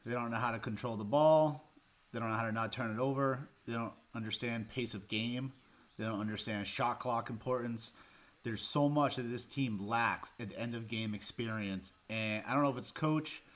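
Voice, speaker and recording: A man's voice: mid-range voice, normal speed. A man hosting a sports show, breaking down a game in a heated, exasperated rant with sarcastic jabs. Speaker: sports podcast host.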